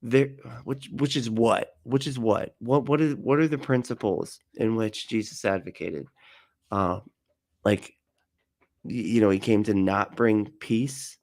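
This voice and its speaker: A man's voice: lowish voice, unhurried, a little mellow. A man, a podcast host, giving casual sarcastic commentary with laughs and swearing.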